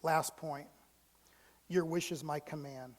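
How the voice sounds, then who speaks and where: A male pastor telling a story in a sermon, moving from hushed, almost whispered lines to loud, animated ones. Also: on the high side, slow. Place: church sanctuary. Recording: long church hall reverb.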